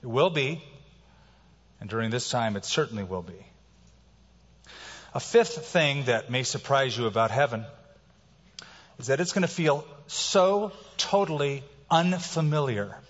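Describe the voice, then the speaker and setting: A man preaching a sermon as a pastor, who swings between quiet, slow passages and loud, emphatic lines. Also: medium pitch, expressive. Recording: reverberant hall, dull sound.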